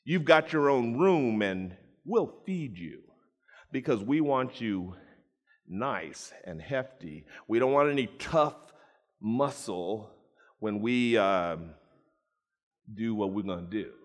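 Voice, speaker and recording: Animated, slow-paced preacher man. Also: fairly low pitch. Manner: dramatic storytelling, jokes with the congregation. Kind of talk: sermon. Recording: echoey hall.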